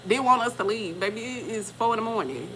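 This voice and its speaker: A woman's voice: fairly high pitch, lively intonation, fast, fairly bright tone, slight background noise. A woman in her forties from Texas, telling travel stories in casual, slangy chat and laughing often. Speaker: vlogger and respiratory therapist.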